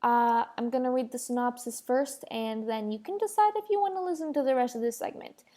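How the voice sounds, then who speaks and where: High-voiced woman ranting on a podcast. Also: a little fast, mellow. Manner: rambling, emphatic, heavy use of "like" and "literally". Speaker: podcast host. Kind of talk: casual solo podcast rant.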